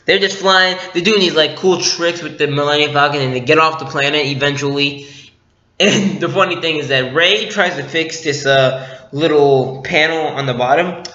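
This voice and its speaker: A young adult man giving a casual, excitable, chatty movie review and laughing often. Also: a little high, normal speed. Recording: echoey room, dull lo-fi sound.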